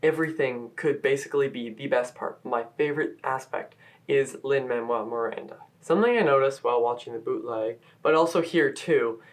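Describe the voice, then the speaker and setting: Eager man gushing in a video review. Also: medium pitch. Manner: eager, gushing fan talk. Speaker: musical reviewer. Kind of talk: enthusiastic solo video review. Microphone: camera-mounted shotgun mic.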